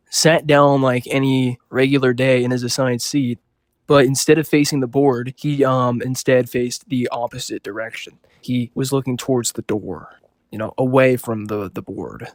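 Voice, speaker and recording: A man's voice: medium pitch, dry recording. Rambling young man telling a story. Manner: rambling, full of "like" and "you know" fillers, loose and offhand. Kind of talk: improvised casual storytelling.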